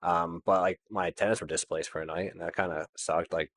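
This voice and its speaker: A man's voice: low-pitched, fairly even intonation, brisk, a bit bright, no echo. A man, a landlord guest, telling his story casually with lots of fillers and nervous laughs.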